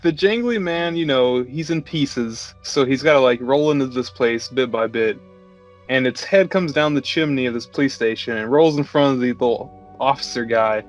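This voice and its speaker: A man co-hosting a casual movie podcast chat, swearing freely and retelling scenes with animated quoted lines. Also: medium pitch, moderate pace, faint music behind. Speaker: podcast co-host.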